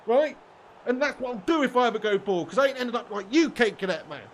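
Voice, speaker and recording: A man's voice: very high-pitched, animated, fast talker, a little hiss or hum. A young adult man streaming a football video game, trading sweary, mock-aggressive banter with his live chat.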